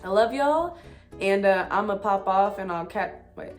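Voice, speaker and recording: A young woman vlogging to camera in a casual, excitable way, full of slang, swearing and "like". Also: medium pitch, measured pace. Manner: excitable, slangy and profane, with frequent "like" fillers. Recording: faint music behind.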